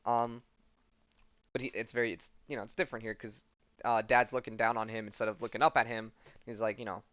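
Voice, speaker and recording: A man's voice: fairly low pitch, little pitch movement, fairly quick, fairly bright tone, no room sound, lo-fi sound. A man hosting a podcast, casually recapping a comic book in a loose, rambling way with lots of fillers. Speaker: podcast host.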